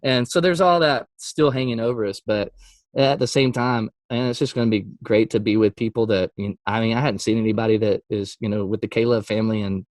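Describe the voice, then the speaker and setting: A man who is a Christian music artist, telling a story in a casual interview. He acts out quotes with sudden jumps in pitch and laughs often. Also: fairly even intonation, brisk, no echo.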